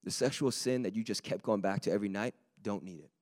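Raspy low-voiced male preacher. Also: quick pace. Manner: lively and conversational, building to emphatic peaks. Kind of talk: sermon.

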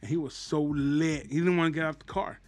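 A man's voice: a little high, steady tone, fairly quick, dry recording. A man in casual chat, laid-back and profane, swapping stories with a friend.

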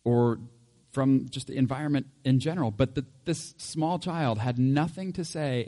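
A mellow, mid-range male voice at a moderate pace, trailing a long reverb, belongs to a pastor giving an easygoing sermon. He talks conversationally, chuckles often, and uses down-to-earth everyday examples.

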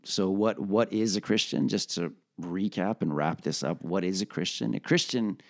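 A man's voice: low voice, moderate pace, creaky. A man who is a pastor, talking earnestly and emphatically in a faith podcast chat, repeating points for stress.

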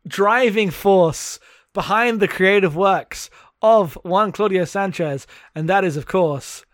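A man with a fairly high voice talks close to the mic in a dry, dead room. He runs a sarcastic comedic chat about a bad book. He laughs a lot and slips into mock quotes of its characters. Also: slow, no echo. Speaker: podcast co-host. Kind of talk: casual comedic book discussion.

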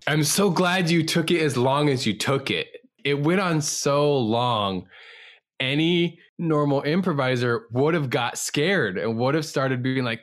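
An improviser co-hosting a podcast speaks in a medium-pitched, slightly slow voice. In casual chat reviewing an improv show, he talks about improv earnestly and reflectively.

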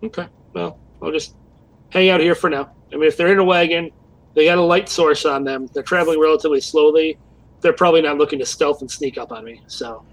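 A man's voice: a little high, steady tone, fairly quick, dry recording, low-quality recording. A man playing a tabletop role-playing game, talking in a casual, easygoing way. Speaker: player.

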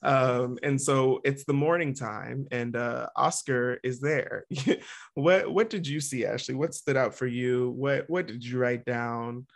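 A man co-hosting a podcast, casually recapping a cartoon episode over a video call, chatty, with quick asides. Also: medium pitch, vocal fry. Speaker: podcast co-host.

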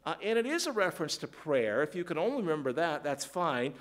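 High-pitched guy preaching a sermon, lots of uhs, gets fervent on the verses. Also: big pitch swings, fairly bright tone. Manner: halting, many fillers and restarts, rising to fervent emphasis on scripture.

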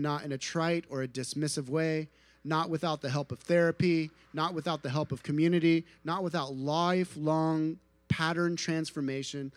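Male pastor, sermon, slightly high voice, dry close sound, earnest, hushed then emphatic. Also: dry recording. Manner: earnest, shifts between soft hushed passages and rising emphatic ones. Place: outdoor tent gathering.

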